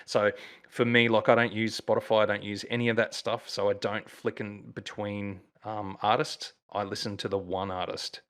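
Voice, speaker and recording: Enthusiastic Australian man, lowish voice. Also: flat delivery, normal speed, a bit bright. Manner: enthusiastic, rambling storyteller with many fillers. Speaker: musician guest. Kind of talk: casual chat.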